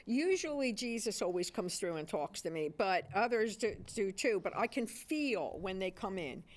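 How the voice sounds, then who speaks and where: A woman's voice: medium pitch, lively intonation, moderate pace. A woman, a spiritual practitioner guest, chatting casually and laughing often in a TV studio round table.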